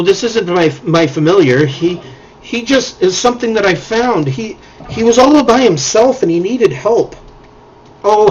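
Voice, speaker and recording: A man voicing a timid, scatterbrained woman mage who talks to her toad in a hushed, halting, stammering way. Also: high-pitched, highs cut off, slight background noise.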